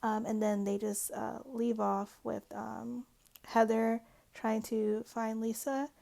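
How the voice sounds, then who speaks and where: Chatty woman with a gravelly fry. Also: on the high side, little pitch movement, takes it slowly, dark tone. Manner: chatty, peppered with "like" and "um". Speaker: reality TV recap host. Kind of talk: casual recap chat.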